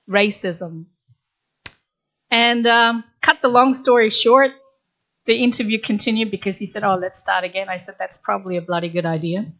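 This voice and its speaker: A woman's voice: medium pitch, pushed and bright. Middle-aged woman giving a candid speech. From Korea. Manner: conversational, candid, with frequent "actually". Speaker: graduation guest speaker. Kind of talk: ceremonial speech, personal storytelling.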